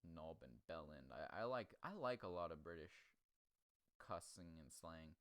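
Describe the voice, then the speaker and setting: A man's voice: very deep voice, very animated, a little slow, no room sound. A man hosting a casual comedy chat, crude and rambling, often laughing. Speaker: podcast host.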